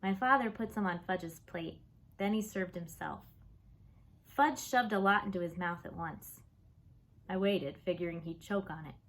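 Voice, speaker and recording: A woman reading a children's book aloud, with expressive, lively storytelling. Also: lowish voice, measured pace. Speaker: audiobook reader.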